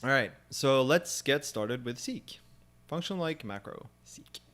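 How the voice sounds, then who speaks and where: Young man, live coding host, thinking aloud, casual explanation, frequent fillers, mid-range pitch. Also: animated, measured pace, fairly bright tone. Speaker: programming stream host.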